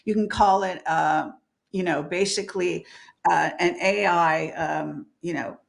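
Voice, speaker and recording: A woman's voice: lowish voice, steady tone, a little slow, creaky. Emphatic, profane woman guest. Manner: emphatic, profane, laughs often. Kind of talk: candid spiritual interview talk.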